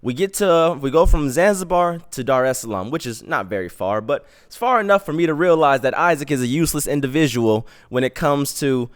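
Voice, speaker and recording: A young man hosting a podcast, telling a comic personal story in casual, slangy, animated talk. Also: a little high, fairly quick, few pauses, clean tone. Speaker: podcast host.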